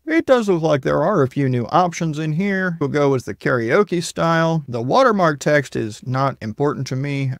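A man presenting a software tutorial, explaining each setting step by step in a plain, conversational way. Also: medium pitch, dry recording, clean studio sound. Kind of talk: screen-recorded software walkthrough.

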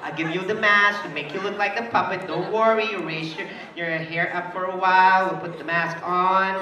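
His voice sits high, with a steady tone and moderate pace, as he teases a child volunteer in his role as a party entertainer. Playful and quick to laugh, he works the audience like a party emcee. The indoor venue sounds echoey, picked up from a distance with a crowd around.

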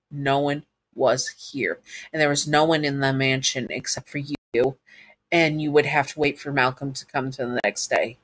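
A woman's voice: sits low, fairly bright tone. Woman narrating a second-person story. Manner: addresses the listener directly, casual asides.

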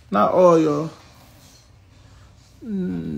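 Young dude venting on his live, high gravelly voice, cussing out commenters. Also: steady tone, takes it slowly, pauses often. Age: 20s. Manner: blunt, profane, ranting at commenters. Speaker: social media personality on a livestream. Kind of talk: venting on a livestream.

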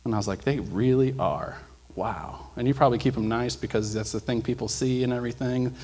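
A man preaching in church, telling a story with lively energy and acting out the people in it. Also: mid-range voice, fast, husky. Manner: animated storyteller, acts out quoted voices, rises loud when preaching. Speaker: preacher sharing a testimony. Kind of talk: sermon storytelling.

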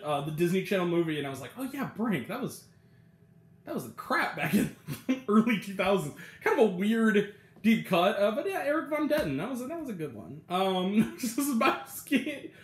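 A young man talks through a TV episode in a loose, rambling review, breaking into laughs and acting out the lines he quotes. His voice sits high and swings widely in pitch. The sound carries a clear echo from the room around him. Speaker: TV review vlogger. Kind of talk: casual review monologue. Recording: echoey room.

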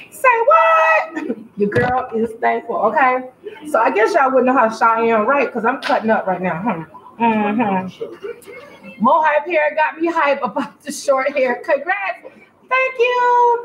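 Exuberant woman streaming live from a salon. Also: a little high. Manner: exuberant, calls viewers honey and baby, playful sound effects. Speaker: hairstylist and salon owner hosting a live stream. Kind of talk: lively live-stream chat. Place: hair salon, indoors. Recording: echoey salon room with background noise.

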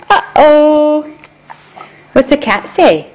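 A woman's voice: high-pitched, big pitch swings, slow pace, a little hiss or hum. Sing-song mother cooing at her toddler. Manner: sing-song, coaxing, laughing often. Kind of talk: home video baby talk.

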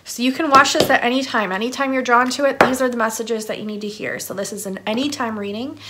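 A woman's voice: a little high, fast, background noise. A woman giving a casual tarot card reading for her channel, chatting in a rambling way with lots of fillers. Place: her home, downstairs.

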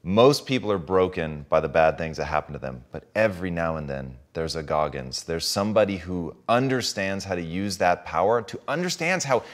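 Low-voiced, enthusiastic male host. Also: normal speed, hardly any pauses. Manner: enthusiastic, swears freely, grows emphatic. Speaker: podcast host. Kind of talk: casual interview chat.

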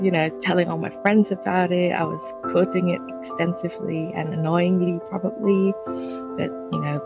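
A woman telling a relaxed, self-mocking story about discovering a book. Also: fairly low pitch, vocal fry, lo-fi sound. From Australia. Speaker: fan group admin. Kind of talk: casual storytelling.

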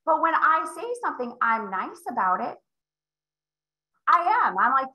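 A woman sales coach leading a live call, emphatic and acting out client conversations with big swings in pitch. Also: very animated, measured pace, long pauses, pushed and bright, reverberant, poor audio. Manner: emphatic, role-plays client dialogue with big pitch jumps. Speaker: real estate sales coach.

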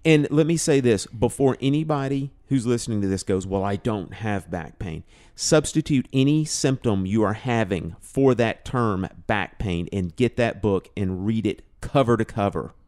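A man, a guest on a podcast, telling a personal story in a casual, animated way and filling it with "you know". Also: medium pitch, normal speed, few pauses. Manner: animated storyteller, acts out quoted dialogue, many "you know"s. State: emotional, choked up. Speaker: podcast guest, drum teacher.

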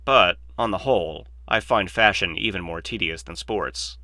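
A man's voice: low voice, moderate pace, bright, forceful tone, no room sound. A man voicing a glib, opinionated male mathematician in a dry, lecturing, sardonic manner, read as an audiobook. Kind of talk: audiobook reading.

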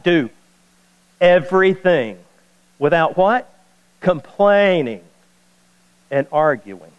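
A man preaching a sermon as pastor, folksy and animated, repeating key lines and joking with the congregation. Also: on the high side, long reverb tail, dull audio. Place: church sanctuary.

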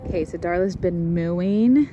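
A woman vlogging a farm birth, nervous and softly coaxing the animal as she films. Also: fairly low pitch, unhurried, dull audio. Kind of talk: casual commentary while filming. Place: outdoors on a farm. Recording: loud outdoor farm noise.

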